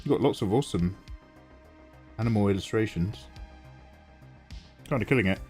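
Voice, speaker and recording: A man's voice: on the low side, normal speed, a little mellow. A man chatting casually with viewers on a live art stream while drawing, playfully snarky and greeting people by name. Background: faint synth music.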